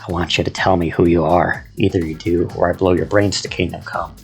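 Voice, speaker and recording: A man's voice: sits low, level tone, a little fast, soft background music. A man voicing a wary, armed older Texan man in an audio story, speaking with a Texan accent and a folksy drawl. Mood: menacing. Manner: folksy drawl, threatening then jovial.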